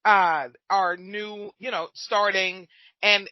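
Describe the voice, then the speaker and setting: A woman's voice: medium pitch, steady tone, slow, dry recording, highs cut off. A woman hosting a podcast interview, chatty and often affirming her guest. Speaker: podcast host and business coach.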